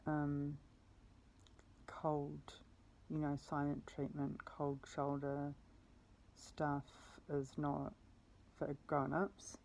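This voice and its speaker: A woman's voice: deep voice, monotone, very slow, a little mellow, slight background noise, poor audio. A woman telling a personal story in a meandering way, often correcting herself and swearing casually. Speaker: vlogger.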